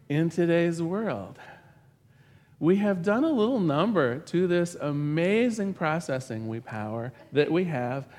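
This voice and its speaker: A man preaching with a fairly high, very lively voice that swings up and down as he tells stories. His words ring with a long reverb, as if he is speaking in a large church hall. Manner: animated storytelling, acts out a joke with rising excitement. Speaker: pastor. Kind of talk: sermon.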